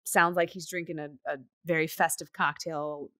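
A woman's voice: deep voice, steady tone, normal speed, sharp tone, no echo, clean studio sound. A woman in her thirties co-hosting a casual chat, rambling with fillers and restarts. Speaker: podcast co-host.

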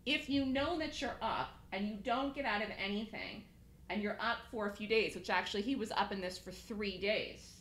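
A woman's voice: mid-range voice, normal speed, fairly bright tone, roomy sound. A woman coaching a trading student in a live lesson, emphatic and repeating her points.

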